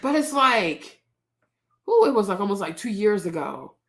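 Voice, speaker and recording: A woman's voice: mid-range voice, very animated, moderate pace. A woman hosting her own show, talking straight to her viewers in outspoken, indignant casual commentary. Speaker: host.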